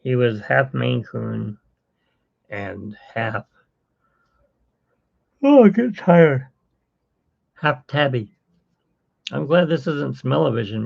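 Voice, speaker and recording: A man's voice: medium pitch, sing-song, slow, creaky, long pauses. A man hosting a casual live-stream chat, rambling and self-mocking with corny jokes. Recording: dull lo-fi stream audio.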